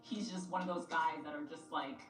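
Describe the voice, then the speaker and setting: A woman's voice: deep voice, brisk. A young woman telling a dating story in a chatty, casual way, full of fillers. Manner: chatty and animated, many "like" fillers. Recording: roomy, distant clip with music under it.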